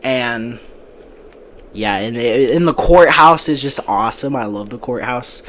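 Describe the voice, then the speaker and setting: A man's voice: mid-range voice, a little slow, a bit bright. Casual chatty man hosting a podcast. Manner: chatty, breezy opinions with frequent restarts. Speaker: podcast host. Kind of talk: casual movie podcast chat.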